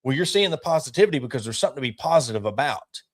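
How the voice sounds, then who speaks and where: A man co-hosting a casual sports podcast, animated and opinionated, talking in quick bursts. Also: medium pitch. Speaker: podcast co-host.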